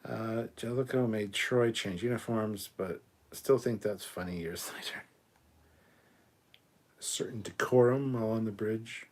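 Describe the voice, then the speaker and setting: A man's voice: fairly low pitch, measured pace, darkish tone. A man hosting a casual live stream, reading viewer comments aloud and answering them with blunt, profane asides. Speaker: livestream host.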